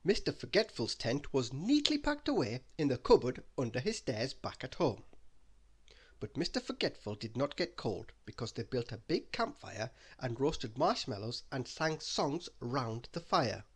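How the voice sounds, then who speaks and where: Man, bedtime story read-aloud, hugely lively sing-song, mid pitch, expressive storyteller. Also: moderate pace, breathy edge.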